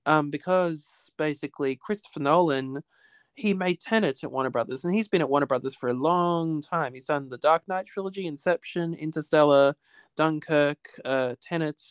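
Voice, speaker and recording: Man, fairly high smooth voice, rambling casual chat, lots of "basically", dry close sound. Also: no room sound. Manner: rambling, repeats "basically", restarts often. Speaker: podcast guest. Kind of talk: casual conversation. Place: home with cats.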